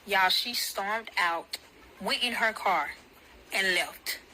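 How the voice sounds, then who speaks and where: Bright-voiced, foul-mouthed woman storyteller. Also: mid-range voice, slow pace, a little hiss or hum, poor audio. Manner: profane, blunt, animated. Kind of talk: casual storytelling to viewers.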